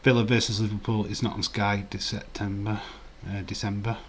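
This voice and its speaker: A man reading the chat on his casual live stream rambles, chuckles, and drifts into chatty asides. He speaks a little fast in a flat, lowish voice, with a little hiss or hum audible.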